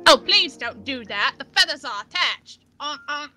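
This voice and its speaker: A woman's voice: high voice, animated, moderate pace, bright, forceful tone, faint music behind. A woman playing a tabletop game, playful and eager. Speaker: player. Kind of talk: casual tabletop play.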